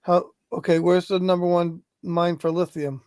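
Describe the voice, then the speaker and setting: A man's voice: high voice, little pitch movement, normal speed, a little mellow, smooth, dry recording, studio quality. A man, a guest on a livestream, teasing the others with a guessing game and giving short replies. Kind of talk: casual chat.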